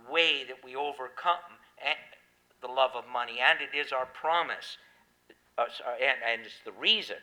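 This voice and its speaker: A pastor preaches a sermon, explaining a scripture passage and stressing key words. His voice is mid-range and a bit bright, and the audio quality is poor.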